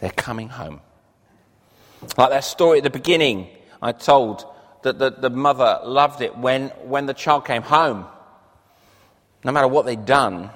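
A man's voice: mid-range voice, unhurried, fairly bright tone. Guy preaching in a church, earnest, pushes up on the big lines, echoey hall. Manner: earnest, rising emphasis on key phrases. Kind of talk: sermon. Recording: long reverb of a large hall.

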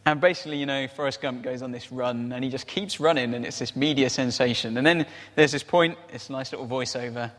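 A man's voice: medium pitch, brisk, hardly any pauses, a bit bright. A man preaching a conversational sermon, often tossing in rhetorical tag questions. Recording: reverberant hall.

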